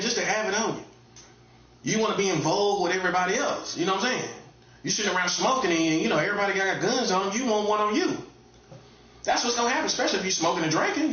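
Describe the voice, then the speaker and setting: A self-appointed prophet, this man talks in a casual, streetwise monologue, blunt and forceful, with repeated phrases. His delivery swings from loud, high-pitched bursts down to low mutters. The room echoes and the sound is dull and lo-fi.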